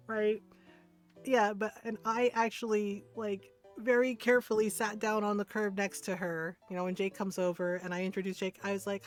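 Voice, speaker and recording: A woman's voice: mid-range voice, little pitch movement, normal speed, faint music behind. A woman streamer chatting casually while gaming, rambling through a story with many fillers and restarts. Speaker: game streamer.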